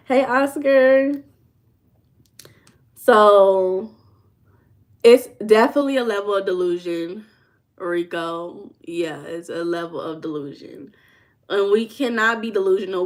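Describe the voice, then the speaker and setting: A woman hosting a casual life-coaching livestream, talking in a Southern US dialect. She banters with her chat, teasing viewers, and stretches her words out slowly for emphasis. Her pitch sits in an ordinary middle range. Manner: playful, teasing, drawls and slows for emphasis.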